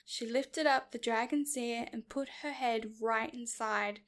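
High-voiced woman reading a children's story. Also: steady tone, takes it slowly, a bit bright. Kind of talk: children's story read-aloud.

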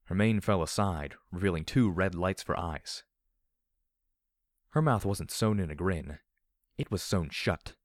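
A man with a very deep, low voice reads first-person fiction aloud. His delivery is measured, in an audiobook style. The recording is dry and close, with no room echo. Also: expressive. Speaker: audiobook narrator.

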